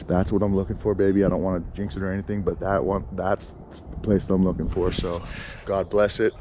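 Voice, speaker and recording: A man's voice: sits low, flat delivery, a little fast, background noise. Rambling, exasperated man outdoors. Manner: rambling and exasperated, many fillers and restarts. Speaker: vlogger. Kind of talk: casual outdoor vlog. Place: outdoors in a yard.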